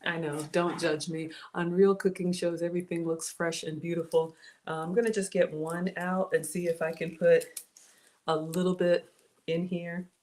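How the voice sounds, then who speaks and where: A woman's voice: on the low side, level tone, moderate pace, darkish tone. A woman home cook talking casually to her livestream viewers from her kitchen and greeting them by name, recorded on a phone. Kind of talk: casual cooking livestream chat. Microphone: cell phone and tablet. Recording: noisy phone livestream audio.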